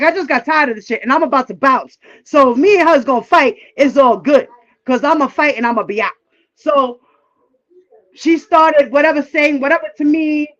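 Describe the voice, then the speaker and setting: A woman's voice: high-pitched, moderate pace, lo-fi sound. A woman telling a personal story in a casual, candid and profane way, often acting out what people said. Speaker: livestream guest.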